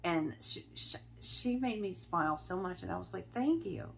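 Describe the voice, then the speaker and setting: A middle-aged woman from Ohio telling a personal story in a chatty vlog, often restarting her sentences and filling pauses. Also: fairly low pitch, lively intonation, creaky, fairly bright tone, slight background noise. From Ohio, USA. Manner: chatty, with many restarts and fillers. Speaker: spiritual vlogger.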